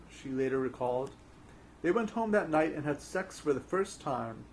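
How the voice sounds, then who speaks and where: A man's voice: on the high side, moderate pace, slight background noise. A man reading a book aloud in a casual, unpolished way, often breaking off to ramble and chat. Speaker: book reader.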